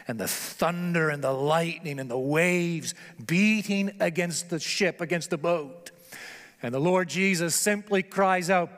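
Man, preacher, sermon, slightly high voice, swings between loud declarations and hushed tones, reverberant hall.

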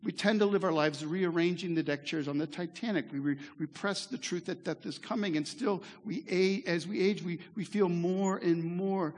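A pastor giving a sermon in a church, earnest and conversational, with asides to the congregation. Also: male voice, high-pitched, moderate pace, few pauses, a little mellow. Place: church sanctuary. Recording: echoey hall reverb.

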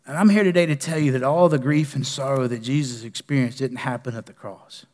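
A man preaching a sermon as pastor, moving between passionate declarations and soft, pleading prayer. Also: medium pitch, a little fast. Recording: long reverb of a church hall.

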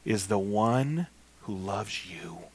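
Slow, emphatic male preacher. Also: on the low side, animated, breathy edge. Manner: slow, emphatic, repeating phrases; addresses listeners as guys. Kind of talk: sermon.

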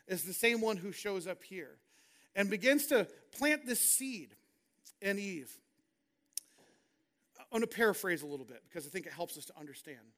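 High-voiced man preaching a sermon. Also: a bit bright. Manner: earnest, reads scripture and paraphrases it in a conversational preaching tone. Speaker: pastor.

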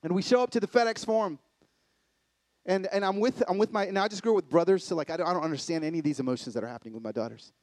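A middle-aged man giving a sermon-style talk from a live event stage, swinging from excited loud bursts to hushed, intimate lows. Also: rapid-fire, no room sound. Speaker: conference speaker.

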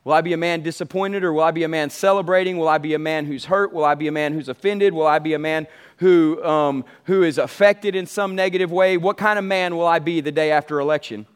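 A man's voice: fairly high pitch, fairly even intonation, fast, clear, resonant tone. A man preaching a sermon as pastor, emphatic and repetitive, calling out to his congregation.

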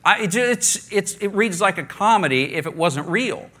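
A male pastor delivers a sermon in an easy, conversational style, circling back and restarting his sentences as he thinks aloud. His voice sits a little high for a man and has a bright, forceful edge. At times he leads the congregation in chanting a word back to him. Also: lively intonation, normal speed. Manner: conversational preaching with restarts and congregation call-and-response.

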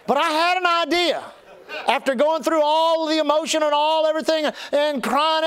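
A man's voice: very high-pitched, normal speed, a bit bright. An older man, a pastor telling a folksy, humorous story in a sermon, with lots of restarts. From Texas.

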